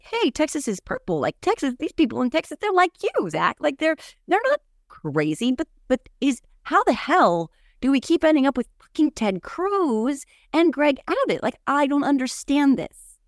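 A woman co-hosting a casual political chat, talking in an animated, digressive way with many fillers and restarts. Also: high voice, dry recording, clean studio sound.

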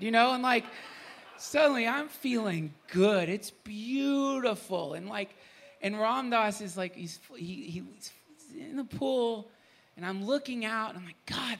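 A man telling an emotional personal story on stage at a retreat, animated, laughing, his voice sometimes breaking. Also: high-pitched, creaky. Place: retreat gathering with an audience.

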